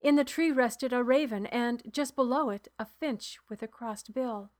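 A woman narrating a novel in the first person, in a measured, hushed storytelling manner. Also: fairly high pitch. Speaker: audiobook narrator.

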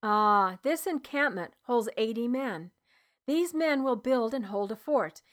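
A woman's voice: on the high side, lively intonation, unhurried, fairly bright tone. A woman voicing a weary male tribal healer who speaks in an earnest, grave manner in an audiobook reading. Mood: earnest, urgent.

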